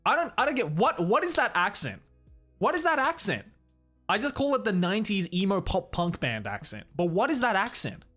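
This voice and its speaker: A man's voice: high voice, very animated, fairly quick, sharp tone, faint music behind. A young Australian man streaming in a studio, chatting casually and animatedly. He swears often and laughs a lot. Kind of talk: casual chat. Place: studio, indoors.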